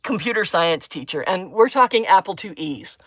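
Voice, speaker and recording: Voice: medium pitch, lively intonation, moderate pace, a bit bright, dry recording. A middle-aged crafting host chatting casually on a livestream while working. Chatty and giggly, with frequent exclamations.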